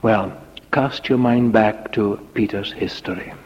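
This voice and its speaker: Man preaching, slow and husky, echoing hall. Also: on the low side. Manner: dramatic, dropping to whispers on key words. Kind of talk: sermon. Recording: lo-fi recording in a reverberant hall.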